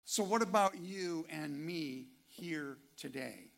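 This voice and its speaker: Male pastor for a sermon: unhurried, emphatic delivery, gravelly tone. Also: fairly high pitch, fairly bright tone. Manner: rhetorical questions, slow emphatic delivery; reads scripture quotes aloud. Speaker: preacher.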